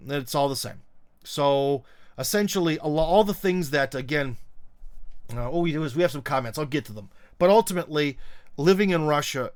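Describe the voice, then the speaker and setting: A man's voice: on the high side, clear, resonant tone. A middle-aged man hosting a livestream, talking bluntly and sarcastically with lots of fillers and restarts as he reads comments. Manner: blunt and sarcastic, frequent fillers and restarts, mocking put-on voices. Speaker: live stream host. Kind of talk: casual opinion livestream reading comments.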